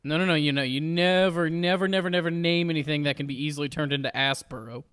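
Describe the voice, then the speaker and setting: A man with a slightly high, bright, edgy voice co-hosts a podcast. He wisecracks and swears in casual banter and often stumbles over repeated words. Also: fast talker, clean tone. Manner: wisecracking, profane, repeats himself. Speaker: podcast co-host.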